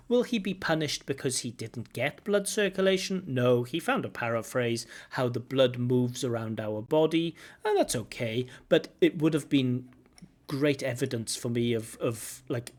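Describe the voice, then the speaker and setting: A man working as an exam examiner, talking through a recorded speaking test and repeating words to model how they should sound. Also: medium pitch. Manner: thinks aloud, repeats words to model pronunciation. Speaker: IELTS examiner giving feedback. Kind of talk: reviewing a recorded test aloud.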